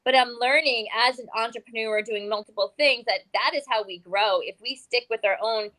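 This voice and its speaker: A woman's voice: on the high side, normal speed, bright, forceful tone, dry recording, low-quality recording. A woman in her fifties on a summit panel, speaking earnestly and reflectively about her own growth. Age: 50s.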